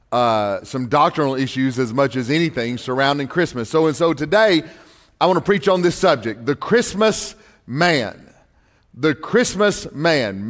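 A pastor with a notably high voice delivers a sermon in a church. He talks in a folksy, storytelling way and polls the congregation as he goes. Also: long reverb tail. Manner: folksy storytelling with crowd surveys. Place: church sanctuary.

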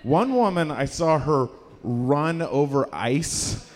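Man, stand-up comedian, awkward halting delivery, fillers, live room with long reverb. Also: on the high side, expressive. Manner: shrieking impressions of strangers. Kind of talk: stand-up set. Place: small performance space with a live audience.

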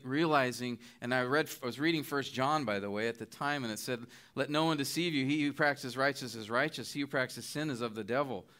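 A man's voice: medium pitch, bright, forceful tone, clear, resonant tone. A middle-aged man preaching a sermon, earnest and pleading as he makes his appeals. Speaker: guest preacher.

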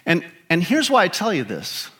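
A man's voice: sits high, wildly swooping pitch, normal speed, bright, forceful tone. A man preaching a sermon as pastor, emphatic and asking the congregation rhetorical questions.

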